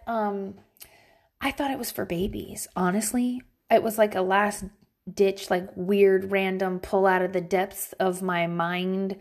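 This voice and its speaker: A woman talking casually from home to viewers about parenting, blunt and profane, with lots of filler words and sudden swings in pitch. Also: measured pace, gravelly. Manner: animated, jumps between high and low pitch. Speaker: parent vlogging about teaching her kids at home. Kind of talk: casual, candid advice talk to viewers.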